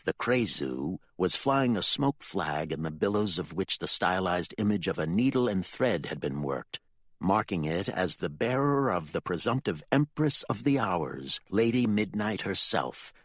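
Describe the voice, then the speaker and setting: A man narrating a dark fantasy audiobook with expressive, dramatic storytelling. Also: sits low, no room sound, clean studio sound.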